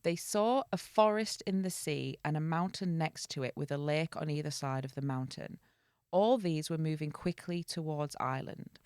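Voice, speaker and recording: Female podcast host, low voice, dry close mic, chatty tale reading with jokey asides. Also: clean tone, dry recording. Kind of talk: casual storytelling podcast.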